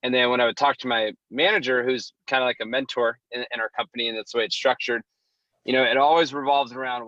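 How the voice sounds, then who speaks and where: A man's voice: mid-range voice, fairly even intonation, quick pace, sharp tone, dry recording. A man in a group discussion, talking hesitantly and reflectively, with many restarts. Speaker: participant. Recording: dull, dry close recording.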